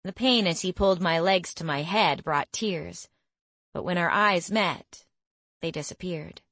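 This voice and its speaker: A young woman reads a first-person fantasy audiobook with wry, expressive delivery. Her voice sits a little low for a woman, recorded close and very dry. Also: measured pace, no room sound. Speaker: audiobook narrator. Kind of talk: first-person scripted narration.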